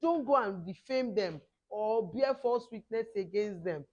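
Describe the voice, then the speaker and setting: Brief: middle-aged woman, hoarse camp teacher, calls and answers with children, mid-pitched. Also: measured pace, muffled recording. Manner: animated, call-and-response, mixing two languages. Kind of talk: lively address to children.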